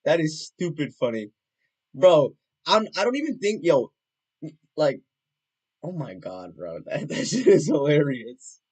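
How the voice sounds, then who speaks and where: A young man livestreaming, chatting casually and rambling, swearing a lot, with loud excited outbursts. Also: fairly high pitch, measured pace, pauses often, slightly rough.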